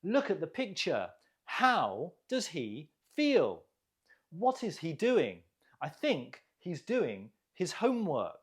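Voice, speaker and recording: An English teacher giving an online vocabulary lesson, enunciating each word with care, pausing for learners to repeat and praising them warmly. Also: medium pitch, huge pitch swings. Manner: deliberate, clearly enunciated, drills pronunciation with pauses for repeating; encouraging, gently praises learners.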